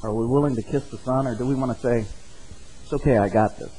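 A man's voice: mid-range voice, fairly even intonation, quick pace, dark tone, slightly rough, soft background music, low-quality recording. A man preaching an earnest sermon, mixing scripture readings with a folksy story. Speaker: pastor.

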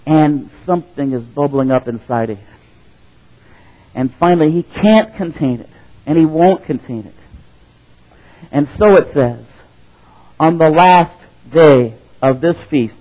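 A man preaching a sermon as pastor, talking conversationally with chuckling asides and rising to loud, dramatic quotes of scripture. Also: on the high side. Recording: dull lo-fi sound.

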